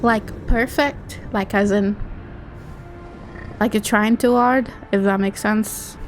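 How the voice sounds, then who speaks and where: A woman's voice: mid-range voice, fairly even intonation, slow, soft background music. A woman with an English Midlands accent, chatting casually and rambling while streaming a game. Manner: rambling, chatty, laughs easily. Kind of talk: casual gaming chat.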